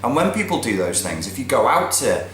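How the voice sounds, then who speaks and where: A man ranting bluntly in a monologue, swearing freely and swinging from low mutters to loud, emphatic peaks. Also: sing-song, fairly quick. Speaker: vlogger giving opinions. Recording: roomy echo with faint background noise.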